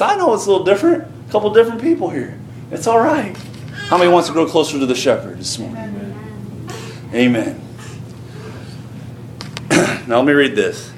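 Male pastor, earnest and folksy sermon delivery, slightly raised pitch, faint room hum behind. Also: animated, fairly quick. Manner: plain-spoken, folksy and earnest. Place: church sanctuary. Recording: roomy echo, faint ambient noise.

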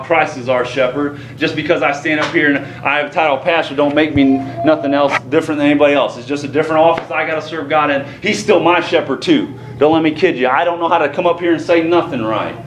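Male pastor, earnest and folksy sermon delivery, slightly raised pitch, faint room hum behind. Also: fairly bright tone. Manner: plain-spoken, folksy and earnest. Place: church sanctuary. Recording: roomy echo, faint ambient noise.

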